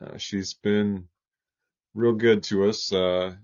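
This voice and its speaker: A man's voice: fairly low pitch, little pitch movement, darkish tone. A man playing a shy, humble stuntman. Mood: earnest. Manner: halting, full of "uh" and "you know". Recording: dull lo-fi online audio.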